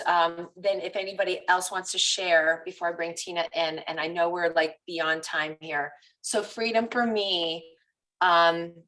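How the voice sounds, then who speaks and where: A woman fitness coach in a casual live group coaching chat, telling personal stories in an animated, confessional way. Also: fairly low pitch, far from the mic, low-quality recording.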